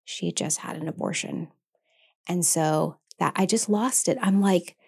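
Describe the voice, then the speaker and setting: A woman's voice: fairly low pitch, a little slow, creaky, slightly rough. A middle-aged woman, a podcast guest, candidly recounting personal experiences in a conversational way, quoting her own thoughts as she goes. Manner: earnest, emotional retelling with quoted inner speech. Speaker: podcast guest, nurse anesthetist and founder.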